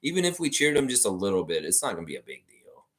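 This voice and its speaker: A man's voice: fairly low pitch, quick pace. A man hosting a fan livestream, ranting and reading out viewer comments in a casual, profane way. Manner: animated, ranting, profane, talks straight to viewers. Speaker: fan channel host.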